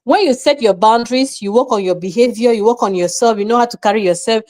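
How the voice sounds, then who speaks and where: A woman with a Nigerian accent, hosting an opinionated commentary and lecturing forcefully, mixing in Pidgin and acting out little scenes in quoted voices. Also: fairly high pitch, quick pace. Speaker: show host.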